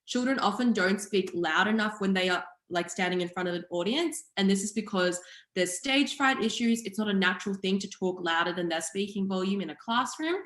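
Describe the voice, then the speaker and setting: Young woman, public speaking teacher, mid-pitched, clear and steady explainer; echoey room over a video call. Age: young adult. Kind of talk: online seminar presentation.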